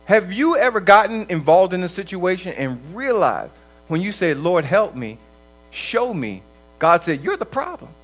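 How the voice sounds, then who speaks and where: A man with a high voice preaches a sermon in a loose, conversational way. He slips into little voices as he tells everyday stories, and laughter breaks through his talk. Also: big pitch swings, measured pace, soft background music, rough recording. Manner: conversational, acts out quoted voices, laughs often.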